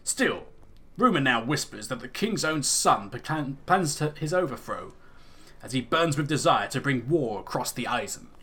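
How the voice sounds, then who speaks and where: A man's voice: mid-range voice, animated, moderate pace, pushed and bright. Man voicing emissary, put-on accent, formal, persuasive, game dialogue. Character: smooth-talking male emissary of a dark wizard. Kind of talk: reading game dialogue aloud in character.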